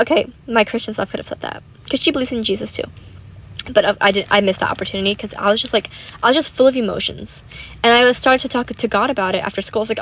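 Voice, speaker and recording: A woman's voice: on the high side, fast, a bit bright. A teenage girl chatting casually and rambling animatedly while she plays a game. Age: teens. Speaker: gaming YouTuber. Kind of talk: casual chat while gaming.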